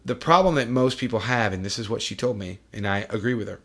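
Gravelly-voiced blunt man hosting a podcast. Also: fairly low pitch, lively intonation, quick pace, a bit bright. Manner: blunt, profane, storytelling. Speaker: podcast host. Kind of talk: casual chat.

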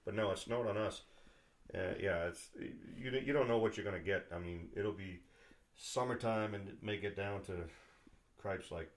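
Rambling New England man, lowish voice. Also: normal speed. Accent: New England, Boston area. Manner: rambling, chatty, many fillers and restarts. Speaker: podcast host. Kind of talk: casual chat.

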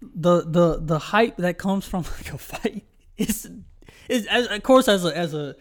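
A young co-host on a podcast rambles through casual stories, leaning heavily on fillers. His voice sits high, and he speaks unhurriedly with lively intonation.

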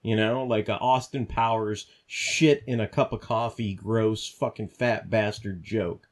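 A man's voice: fairly low pitch, fairly even intonation, unhurried. A man co-hosting a podcast, ranting heatedly in casual talk, swearing constantly and restarting his sentences. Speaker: podcast co-host. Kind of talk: profane casual rant.

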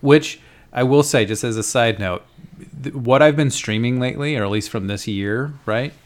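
A man who streams games, chatting excitedly and in a friendly way on a podcast. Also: medium pitch, moderate pace. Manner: excited, friendly, says dude a lot. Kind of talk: casual chat about video games.

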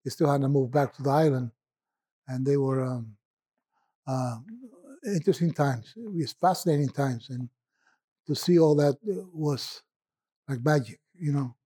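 A man who is a guest poet, reminiscing in relaxed conversation with hesitant fillers, then reading his poem in a measured, deliberate way. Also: mid-range voice, breathy edge.

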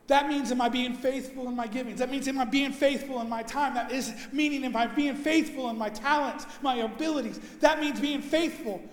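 A male pastor delivering a sermon with emphatic preaching, his voice hoarse from overuse, swinging between loud and soft and slowing down to stress his points. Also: extremely high pitch, steady tone. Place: church sanctuary. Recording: echoey church hall.

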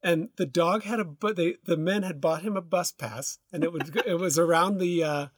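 A man's voice: high-pitched, moderate pace, no echo, clean studio sound. A man co-hosting a podcast, telling stories in a loose, rambling way with lots of restarts. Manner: rambling storyteller, loose and relaxed with many restarts. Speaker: podcast co-host. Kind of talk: casual conversation.

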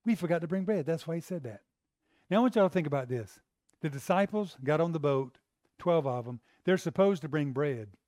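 A man's voice: a little high, lively intonation, normal speed, a little mellow, dry recording, studio quality. A man preaching a sermon in a conversational way, asking the congregation rhetorical questions.

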